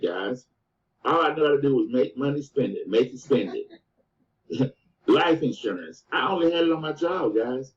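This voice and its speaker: A man giving a motivational sales presentation, telling his story in an animated way and often calling the listeners "guys" and "man". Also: mid-range voice. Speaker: business presenter. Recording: distant, dull lo-fi sound.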